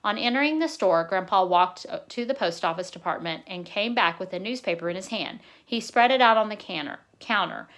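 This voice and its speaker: A woman narrating a novel in a plain, steady reading voice, now and then correcting her own slips. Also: medium pitch, a little fast, hardly any pauses.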